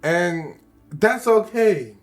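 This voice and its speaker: A man's voice: high-pitched, animated, extremely slow, faint music behind. A young man co-hosting a podcast in casual, crude, joking chat, laughing often. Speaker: podcast co-host.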